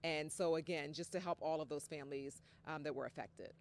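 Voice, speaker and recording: A woman's voice: low-pitched, a little fast. A woman field reporter giving a live TV news report from outdoors on location, chatty and casual. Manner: chatty, casual, warm-hearted.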